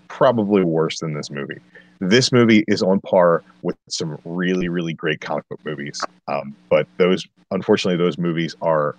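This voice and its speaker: A man's voice: low-pitched, no room sound. A man ranting a blunt, profane movie review as a podcast co-host, exasperated and swearing freely.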